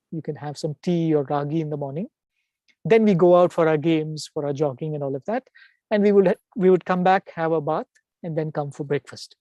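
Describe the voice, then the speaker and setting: A man tells devotional stories as a guest speaker. His voice is warm and mellow, recorded dry and close. He speaks in an animated way and keeps checking in with the audience. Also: on the high side, no echo. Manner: animated storyteller, asks "right?" to the audience. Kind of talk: devotional storytelling talk.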